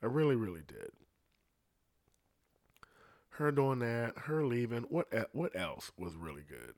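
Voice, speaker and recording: A young man, a singer, in a rambling casual monologue, swearing freely and jumping between excitement and low asides. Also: a little slow. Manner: profane, excitable, rambling with restarts. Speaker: singer ranting to camera.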